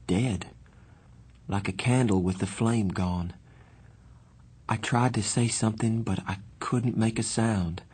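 A man reading a first-person novel aloud in steady, earnest audiobook narration. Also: lowish voice, breathy edge.

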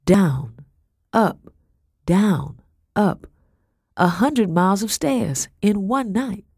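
A man giving steady, measured scripted narration of an audiobook. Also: high-pitched, gravelly, husky, dry recording, studio quality.

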